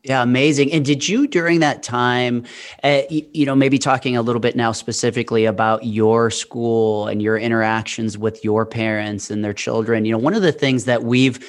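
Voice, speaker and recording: A man's voice: medium pitch, steady tone, moderate pace. Curious male podcast host. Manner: curious, long winding questions with restarts. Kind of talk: conversational interview.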